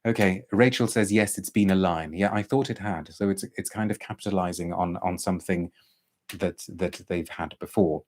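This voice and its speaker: A man with a fairly low voice chats casually through a live stream. He reads out viewers' comments and trips over his words, restarting sentences as he thinks aloud. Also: normal speed, a little mellow. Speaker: perfume reviewer hosting a live stream.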